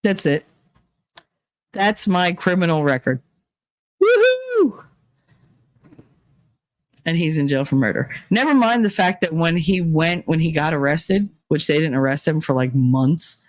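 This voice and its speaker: A middle-aged woman hosts a casual chat stream, telling candid, profane stories and acting out the people in them. Her voice is deep and her pace moderate, with no echo.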